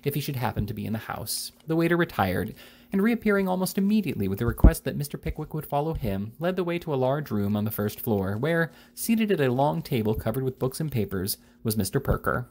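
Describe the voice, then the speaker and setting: A man reading a classic novel aloud with a lively, theatrical delivery. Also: mid-range voice, fairly quick. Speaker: audiobook reader.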